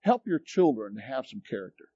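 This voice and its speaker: A man preaching a sermon as pastor, telling stories in an animated, emphatic way. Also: medium pitch, a little fast, no room sound. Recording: dull lo-fi recording, dry.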